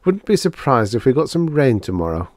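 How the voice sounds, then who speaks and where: A man voicing a calm, thoughtful older spaceman who muses aloud. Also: medium pitch, brisk, dry recording, voice pushed up, close to an everyday voice. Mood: musing. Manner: calm, musing.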